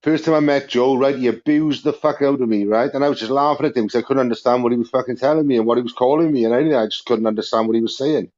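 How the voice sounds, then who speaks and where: A man's voice: medium pitch, racing, hardly any pauses, darkish tone. Sweary, jokey man on a lo-fi stream. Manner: sweary, jokey, mimics voices. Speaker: host. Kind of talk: casual chat. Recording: dull lo-fi stream audio.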